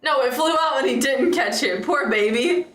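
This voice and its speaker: Woman, streamer, casual live chat, teasing, laughs a lot, slightly high voice, echoey room. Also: normal speed, fairly bright tone. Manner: giggly, laughs often, teasing.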